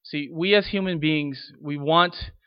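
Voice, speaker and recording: A man's voice: a little high, a little slow, clean tone, muffled recording. A man preaching a sermon in a conversational way, retelling scripture scenes in casual voices. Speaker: pastor.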